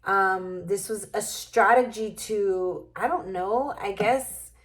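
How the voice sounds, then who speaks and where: Slow, musing woman reading tarot. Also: medium pitch. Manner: musing, unhurried, thinks aloud. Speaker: tarot reader. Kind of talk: casual tarot reading to camera.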